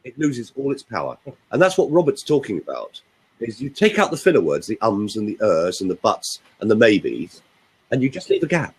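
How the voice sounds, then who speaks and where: With a voice on the low side and a breathy edge, a man coaches a group call on how to use the voice, emphatic and animated, demonstrating pauses. The recording is low quality.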